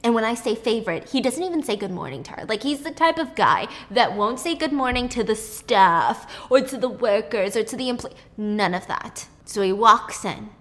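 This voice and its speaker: A woman's voice: on the high side, animated, normal speed, hardly any pauses, a bit bright. A young woman vlogger chatting casually and joking as she recaps a movie and makes a snack.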